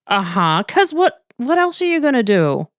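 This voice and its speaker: A woman's voice: sing-song, moderate pace, no echo, studio quality. A woman co-hosting a podcast, chatting playfully and bubbly about the episode. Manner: playful, bubbly, big swings in pitch. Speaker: podcast co-host. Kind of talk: casual podcast recap chat.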